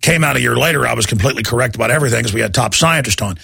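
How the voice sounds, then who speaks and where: A man's voice: mid-range voice, very fast, vocal fry, sharp tone, breathy edge, dry recording. A man hosting a talk radio show, delivering an urgent, pleading monologue.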